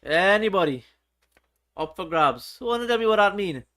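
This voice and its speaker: Bright high-voiced man. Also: expressive, moderate pace. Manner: reads chat aloud, playful and teasing. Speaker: livestream host. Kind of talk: casual livestream chat.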